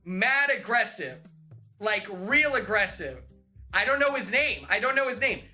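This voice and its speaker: Bright-voiced young man telling a story. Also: sits high, measured pace, faint music behind. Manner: rambling, animated, heavy use of "like". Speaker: streamer. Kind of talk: casual storytelling on a livestream.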